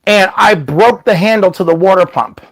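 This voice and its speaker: Gravelly and high, his voice runs at normal speed over poor audio. He's a man hosting a casual stream, lively as he spins conversational stories and imitates the people in them.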